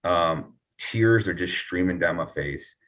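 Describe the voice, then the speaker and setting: Deep-voiced earnest man, a bit off-mic. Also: a bit bright, far from the mic. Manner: earnest, reflective, halting with restarts. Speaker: interview guest. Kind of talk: personal recovery story.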